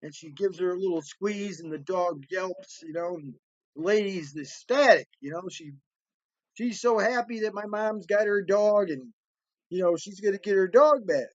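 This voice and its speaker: A man with a high voice tells a personal story with lively energy. The sound is dry and slightly dull, close and without room echo. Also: moderate pace. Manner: animated, acts out voices in quotes.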